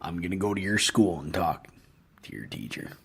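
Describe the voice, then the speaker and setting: Guy doing a husky drawling rocker dad, slow and preachy, voice swooping all over. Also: low voice, big pitch swings, heavily acted. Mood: self-righteous. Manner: rambling, self-righteous storytelling with slow pauses. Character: blustering patriotic rock-star dad, middle-aged man. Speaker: podcast host. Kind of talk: comedic impression monologue.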